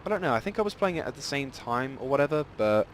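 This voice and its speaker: A man giving rambling, self-deprecating live commentary over a tank game, with sudden excited outbursts. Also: mid-range voice, quick pace, a little hiss or hum. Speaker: gameplay commentator. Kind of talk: casual live gameplay commentary.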